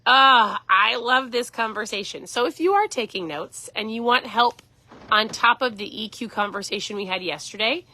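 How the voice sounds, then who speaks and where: A woman's voice: mid-range voice, pushed and bright. A woman in her forties, a keto coach, chatting earnestly on a casual live stream.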